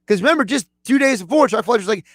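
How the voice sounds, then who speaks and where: A man co-hosting a sports radio show in a studio, talking fast and with strong opinions. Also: very high-pitched, animated, breathy edge, no room sound. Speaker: radio producer and co-host. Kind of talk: casual sports radio chat.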